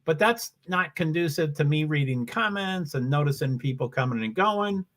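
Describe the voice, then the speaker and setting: A man's voice: on the high side, lively intonation, normal speed, fairly bright tone. A man hosting a live stream, giving casual commentary on a race and chatting with viewers in a rambling, self-interrupting way. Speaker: livestream host.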